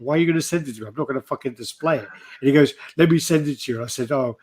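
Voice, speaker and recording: A man's voice: mid-range voice, racing, a little mellow, slight background noise. A man hosting a casual collectibles livestream, telling stories with plenty of swearing and greeting chat viewers. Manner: swears a lot, tells stories, reads out chat names.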